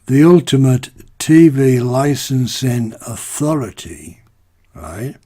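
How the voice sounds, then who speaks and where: A man's voice: mid-range voice, lively intonation, takes it slowly, warm tone. A man from the UK ranting to camera in a casual vlog, exasperated and rhetorical, constantly asking "right?". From United Kingdom. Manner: exasperated, rhetorical, peppered with "right?" and "you know". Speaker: vlogger. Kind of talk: casual opinion rant to camera.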